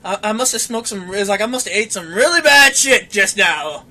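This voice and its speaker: A young man co-hosting a casual podcast, telling a story with lots of swearing and acting out the quotes in an animated way. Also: high voice, brisk. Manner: animated, profane, acts out quotes. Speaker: podcast co-host.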